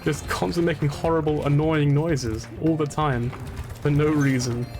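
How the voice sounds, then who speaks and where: Rambling, laughing gaming streamer. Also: male voice, fairly high pitch, normal speed, music in the background. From England. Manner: rambling and animated, laughs often, many restarts. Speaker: game streamer. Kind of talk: casual gaming commentary.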